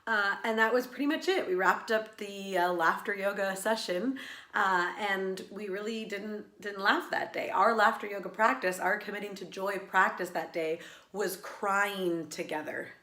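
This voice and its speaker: Vlogging woman, laughter yoga teacher, earnest and reflective, mid pitch, echoey room. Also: moderate pace, bright, forceful tone. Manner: earnest, reflective, with many fillers and restarts. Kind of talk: personal vlog monologue.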